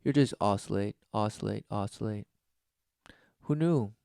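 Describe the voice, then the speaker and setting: A man's voice: fairly low pitch, unhurried, creaky, dark tone, clean tone, no room sound, clean studio sound. A man giving preaching commentary, reading passages aloud and answering them with sarcastic, mocking remarks. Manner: reads study text aloud, then scoffs.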